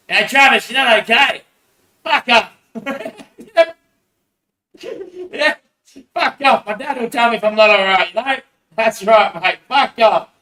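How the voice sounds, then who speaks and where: A man's voice: very high-pitched, sharp tone. An Australian man in a rambling casual monologue, swearing a lot and laughing between phrases. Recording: echoey room, voice far from mic.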